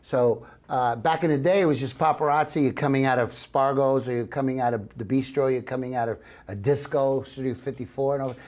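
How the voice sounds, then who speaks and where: Excitable older man rambling in interview. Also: mid-range voice, fairly quick, few pauses. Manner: excitable, rambling with frequent restarts. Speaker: actor interviewed about a film. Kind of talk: casual interview.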